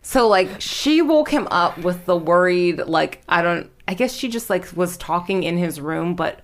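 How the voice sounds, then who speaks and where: A woman's voice: fairly low pitch, animated, unhurried. Rambling young woman telling a spooky story. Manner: rambling, laughing, swearing casually. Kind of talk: casual storytelling podcast chat.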